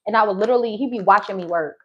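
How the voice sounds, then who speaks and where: A woman's voice: medium pitch, rapid-fire, husky, muffled recording. A young woman telling a personal story in casual, profane talk, acting out the quoted dialogue as she goes. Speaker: tarot reader.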